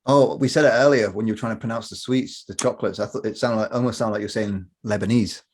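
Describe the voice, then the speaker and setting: A man's voice: fairly low pitch, steady tone, quick pace, a little mellow. A young man co-hosting a podcast in casual chat, chatty and laughing along. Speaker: podcast co-host.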